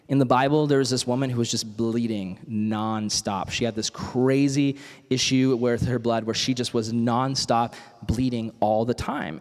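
Brief: young man, youth preacher, chatty and animated, middle pitch, reverberant church hall. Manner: casual, animated, storytelling with acted quotes. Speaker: youth speaker. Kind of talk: youth sermon.

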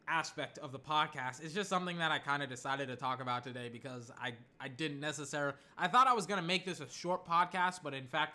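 Bright-voiced chatty young man podcasting. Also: a little high. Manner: chatty, digressive, excitable with loud outbursts. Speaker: podcast host. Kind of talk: casual solo podcast rambling.

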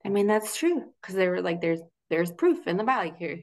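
Chatty woman, lower voice, lots of "like". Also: big pitch swings, brisk. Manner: chatty, many "like" fillers, laughs often. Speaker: guest, Christian relationship coach. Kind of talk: casual interview talk.

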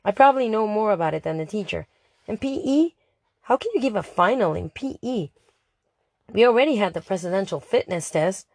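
A woman's voice: medium pitch, lively intonation, fairly quick, darkish tone, dry recording, clean studio sound. Woman narrating a chatty diary. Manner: chatty, dramatic, exasperated. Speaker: audiobook narrator. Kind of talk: first-person diary narration.

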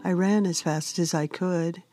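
Woman reading as a calm male warrior, gentle sober tone, lowish voice, slow and steady. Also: faint music behind, natural voice. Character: sober young male elf warrior, protective lover.

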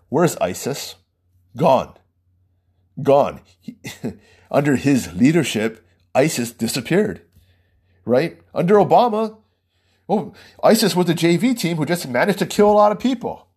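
A man's voice: fairly high pitch, big pitch swings, measured pace, long pauses, darkish tone, breathy edge. A man hosting his own small podcast, giving a heated, rambling political monologue and laughing between points. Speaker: podcast host.

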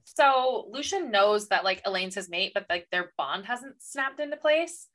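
A young woman co-hosting a podcast, venting about a book in quick, exasperated casual talk and acting out the characters' lines. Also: mid-range voice, animated, fairly bright tone. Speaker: podcast co-host.

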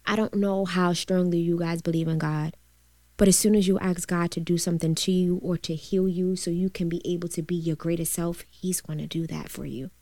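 A woman in a candid chat who presses others with pointed questions and grows softer and quieter when she tells a personal story. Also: fairly low pitch, fairly even intonation, fairly quick, dry recording. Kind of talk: emotional casual chat.

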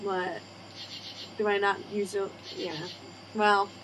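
A woman's voice: mid-range voice, flat delivery, slow pace. A young adult woman hosting a casual podcast chat, rambling along and swearing freely as she tells stories. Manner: rambling, swears freely, acts out quoted voices. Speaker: podcast host. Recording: faint background noise.

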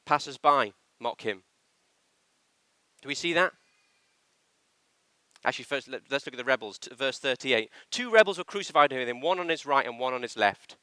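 A man preaching a sermon in a church, with an animated, emphatic delivery that slips into acted quotations. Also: medium pitch, moderate pace, pauses often, no room sound.

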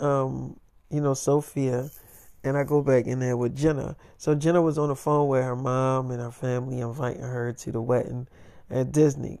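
A man's voice: medium pitch, warm tone. A young man telling a rambling first-person story, casual and crude, with lots of fillers.

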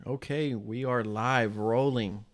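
A man's voice: medium pitch, steady tone, slow, music in the background. A man co-hosting a casual true-crime podcast from a small home loft, rambling loosely with lots of fillers. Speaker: podcast co-host.

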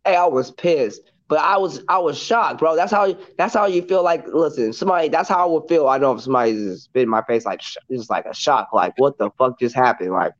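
A young man telling a story in casual group chat, animated and repetitive, often saying "listen" and "bro". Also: fairly high pitch, a little fast, hardly any pauses, dull audio.

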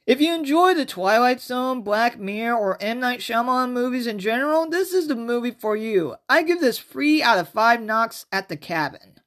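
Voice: mid-range voice, lively intonation, moderate pace, hardly any pauses, fairly bright tone. A podcast host chats through a movie review in a loose, unscripted way. Sentences ramble and restart as thoughts come. The delivery sounds informal and conversational. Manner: rambling, self-interrupting, chatty.

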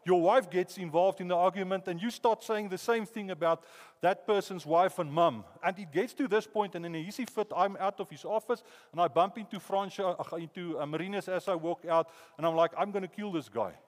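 A man with a South African accent preaching a sermon through animated, lively storytelling. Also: high-pitched, a little fast. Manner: animated storytelling, hypothetical anecdotes. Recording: long reverb in a hall.

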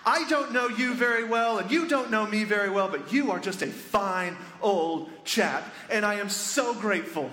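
A preacher acting out an awestruck teenage prison guard, a young man bursting with shrill excitement. His voice leaps high and rings sharp and forceful. It carries the long reverb of an echoey church hall. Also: normal speed, few pauses. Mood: earnest.

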